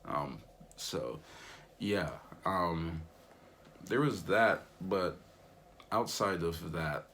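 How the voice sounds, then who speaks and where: A man's voice: low-pitched, lively intonation, drawn-out words, pauses often, a bit bright, slight background noise. A young man vlogging in a rambling, laid-back way, full of fillers. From United States. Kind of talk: casual vlog monologue.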